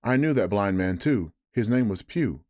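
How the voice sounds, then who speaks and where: A man's voice: lowish voice, expressive, moderate pace, darkish tone, no echo, studio quality, lightly acted. A man voicing an eager young cabin boy. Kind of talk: bedtime story reading.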